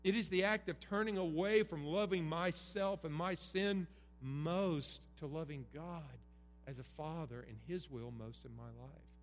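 A middle-aged man delivers an earnest sermon, leaning on emphatic repetition. His voice sits a touch high. The hall carries a long reverb over a faint hum. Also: measured pace. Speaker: pastor. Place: church sanctuary.

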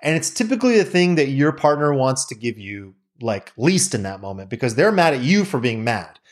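Animated man explaining relationship psychology. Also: mid-range voice, brisk. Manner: animated, candid, swears casually. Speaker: podcast host. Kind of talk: casual explanatory monologue.

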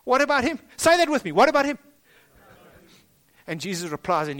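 South African male pastor, high-pitched, emphatic sermon delivery with repeated phrases. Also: sing-song, fairly quick, long pauses, a bit bright. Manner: emphatic, rising and dropping for stress, repeats phrases. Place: school hall.

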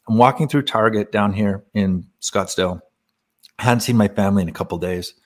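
A man with a slightly low voice talks as a podcast guest. He tells a personal spiritual story in an earnest, casual way. He laughs often and fills his speech with "like.". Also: a little fast. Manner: earnest, laughing, many fillers.

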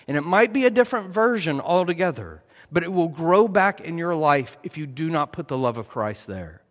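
A man preaches in a relaxed, talky way, tossing rhetorical questions to the congregation. His voice sits a little high for a man. The sound rings out with a long hall reverb. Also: normal speed, few pauses. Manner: conversational preaching with rhetorical "right?" asides. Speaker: pastor. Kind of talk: sermon.

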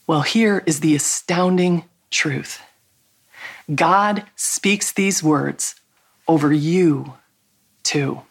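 A woman's voice: on the low side, takes it slowly, breathy edge. A middle-aged woman giving a devotional teaching talk, earnest and emphatic, drawing out key words. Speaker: Christian speaker.

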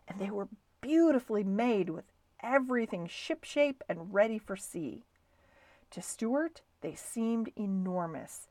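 A woman reads a children's storybook aloud with a lively, rising and falling voice at a middle pitch. Her delivery is expressive and varied. The recording is dry and close, with no echo.

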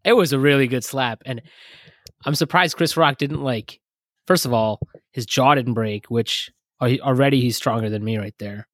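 A man's voice: mid-range voice, moderate pace, no room sound, studio quality. Joking man on a casual podcast. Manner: joking, animated. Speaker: podcast co-host. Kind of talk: casual chat.

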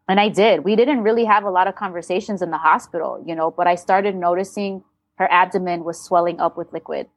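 A woman's voice: fairly low pitch, fairly even intonation, a little fast, dry recording. A woman talking as an interview guest, telling a personal story candidly and bluntly, with swearing and re-enacted dialogue.

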